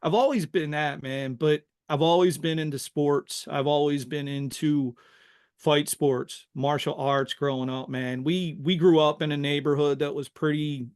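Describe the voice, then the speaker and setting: A middle-aged man from Philadelphia, the guest on a podcast, telling his life story in an animated, casual way and dropping "man" into nearly every line. His voice is smooth and resonant, sitting a little high for a man. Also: a little slow. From Philadelphia, USA. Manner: animated, says "man" constantly.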